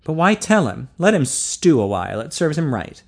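A troubled young inmate from an audiobook, voiced by a man. He talks quietly and earnestly, close to the narrator's own voice but a little lighter. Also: fairly high pitch, big pitch swings, normal speed, gravelly, full character voice.

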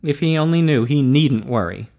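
A man voicing a troubled but hopeful young male inmate in an audiobook, speaking quietly and earnestly. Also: mid-range voice, lively intonation, moderate pace, creaky.

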